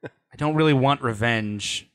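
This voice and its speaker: A man's voice: medium pitch, measured pace, no room sound, studio quality. A man playing a tabletop role-playing game, thinking aloud in a hesitant, casual way. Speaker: player.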